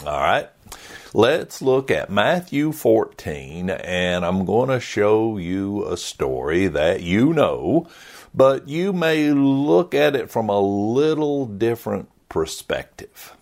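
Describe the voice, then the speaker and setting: Slow, lively-voiced male pastor preaching. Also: fairly low pitch, creaky. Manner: earnest, preaching with lively rises and falls. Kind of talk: sermon.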